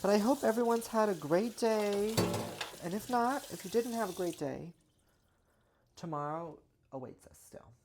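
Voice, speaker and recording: A woman's voice: medium pitch, animated, normal speed, very noisy. A woman in her twenties chatting casually to camera while doing kitchen chores, rambling with lots of "like" and "you know.". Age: 20s. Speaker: vlogger. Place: home kitchen. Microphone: own microphone near the sink.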